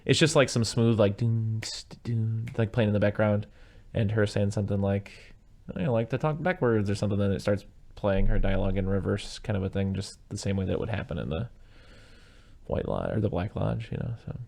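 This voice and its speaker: A man with a low, gravelly voice, easygoing and rambling as he chats on a podcast. His jokes come out dry and deadpan. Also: a little fast. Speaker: podcast host. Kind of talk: casual chat.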